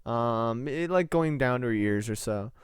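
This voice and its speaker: A young man narrating as game master, halting and full of fillers. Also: medium pitch, expressive, clear, resonant tone, no room sound, clean studio sound.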